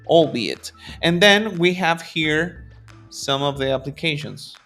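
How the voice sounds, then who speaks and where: A man's voice: on the high side, expressive, slow, fairly bright tone, faint music behind. A man whose first language is Spanish, teaching English to programmers in a casual lesson, switching between Spanish and English and laughing often at his own asides.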